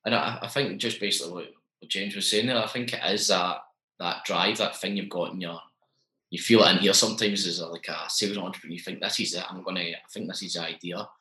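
A young man in his twenties, a guest telling his story in a chatty, animated way and acting out the dialogue. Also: deep voice, quick pace, roomy sound, low-quality recording. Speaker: interview guest, business owner. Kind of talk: casual storytelling.

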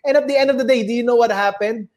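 A young Filipino man with a fairly high voice tells loose, meandering stories in a casual chat. He swears freely and keeps hopping between English and Tagalog. His tone is chatty and unpolished. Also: racing, a little mellow.

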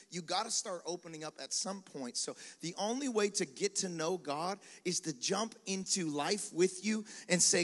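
A male pastor preaching a sermon in a lively, conversational style, with quick acted asides and dares to the congregation. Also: high voice. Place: large venue with live congregation. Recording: long hall reverb.

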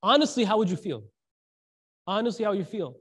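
A man's voice: high voice, fairly quick, slightly rough. A man preaching a casual sermon, telling stories in slangy speech and acting out the quotes. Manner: slangy, animated, acts out quotes, frequent "like". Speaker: Islamic preacher.

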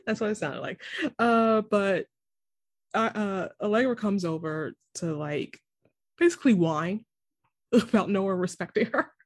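A woman co-hosting a casual TV recap chat, animated and quick to act out characters' lines. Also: medium pitch, no echo, clean studio sound. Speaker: podcast co-host.

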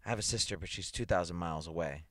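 A man reading aloud and voicing a calm, matter-of-fact male psychologist who questions and coaxes. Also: deep voice, quick pace, no room sound, clean studio sound. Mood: coaxing. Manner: steady, coaxing, matter-of-fact.

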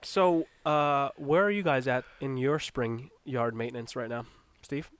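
A man's voice: medium pitch, measured pace, a bit bright, dry recording. A man hosting a casual podcast chat, steering the topics and laughing at his own puns. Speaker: podcast host.

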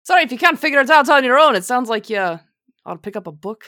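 A woman player in a tabletop game, bantering in character with sarcastic, deadpan replies. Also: sits high, fast talker.

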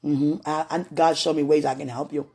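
Woman, husky casual monologue, prayerful then giggly, halting delivery. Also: deep voice. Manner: prayerful, swings from hushed musing to giggling excitement; laughs often, talks in fits and starts. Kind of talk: casual spoken monologue to a loved one and to God.

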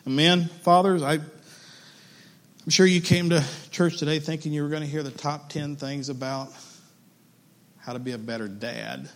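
A man in his fifties preaching a sermon in church, earnest and personal, reading long passages slowly. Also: on the high side, fairly even intonation. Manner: earnest, reads a long list slowly and warmly. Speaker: pastor.

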